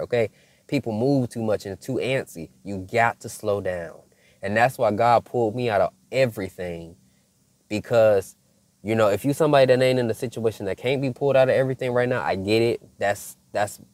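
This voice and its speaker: A man speaks in a relaxed, conversational way, sharing a personal spiritual testimony and calling his viewers y'all. His voice sits a little low. The sound is dry, with almost no room echo. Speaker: faith content creator. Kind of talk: casual spiritual testimony to camera.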